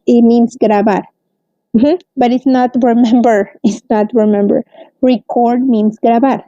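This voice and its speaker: A woman's voice: on the high side, mellow, no echo. A woman teaching English vocabulary, explaining carefully and checking in with "mm-hmm" and "okay". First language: Spanish. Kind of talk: recorded language lesson. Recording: dull, muffled, close and dry.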